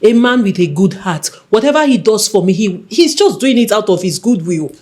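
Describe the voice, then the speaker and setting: An actress playing a young princess who soothes and coaxes her jealous lover, in a film scene with soft music under it. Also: medium pitch, big pitch swings, moderate pace, close to an everyday voice. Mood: defensive. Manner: soothing, coaxing. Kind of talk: Nollywood film acting.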